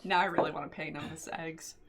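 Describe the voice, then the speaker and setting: A woman chatting casually as a player at a tabletop game, lively and giggly. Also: low voice, quick pace, a crowd in the background.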